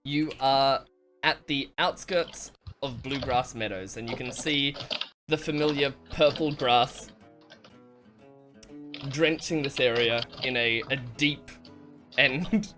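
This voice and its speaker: A man narrating as game master of a tabletop game, with calm, descriptive narration and frequent chuckles. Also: mid-range voice, slow, long pauses, music in the background.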